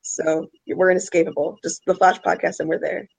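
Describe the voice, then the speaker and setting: A woman's voice: lowish voice, flat delivery, brisk, vocal fry, a little mellow, husky, poor audio. A woman who is a guest on a casual podcast, easygoing and often filling her speech with "like".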